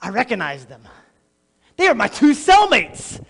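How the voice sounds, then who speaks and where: A man's voice: very high voice, huge pitch swings, measured pace, vocal fry, husky, exaggerated voice. A man acting a notorious, boastful male criminal in a theatrical monologue, addressing the audience directly. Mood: puzzled, hushed. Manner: boastful, erratic, talks straight to the audience. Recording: long echoey hall reverb.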